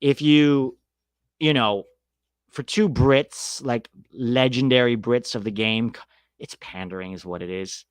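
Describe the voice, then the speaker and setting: A man with a clear, resonant, medium-pitched voice hosts a casual soccer podcast, reading live chat and answering viewers at a measured pace. He's blunt, sarcastic, and swears freely while sharing his opinions, with no echo on the recording.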